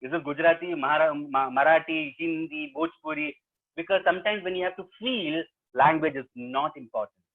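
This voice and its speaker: A male storyteller with an Indian English accent, leaning into a sing-song, playful telling and tossing questions to his listeners. His voice sits fairly high for a man. It comes over a thin, tinny webinar line. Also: brisk, creaky. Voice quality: expressive, sing-song, interactive. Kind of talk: animated children's storytelling to an audience. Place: at home on a webinar. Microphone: video call. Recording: tinny video call audio.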